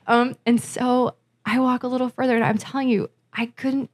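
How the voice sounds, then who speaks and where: A woman from Massachusetts telling festival stories in casual podcast chat, emotional and animated, acting out what people said. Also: fairly high pitch, moderate pace. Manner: animated, emotional storyteller, acts out quotes. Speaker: musician and festival organizer, guest.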